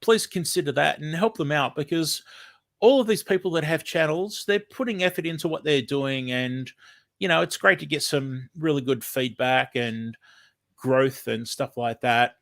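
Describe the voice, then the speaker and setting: A man's voice: fairly high pitch, normal speed, gravelly, fairly bright tone. An Australian man hosting a casual livestream, chatting in a rambling, friendly way with lots of ums, a bit sniffly from hay fever. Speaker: livestream host.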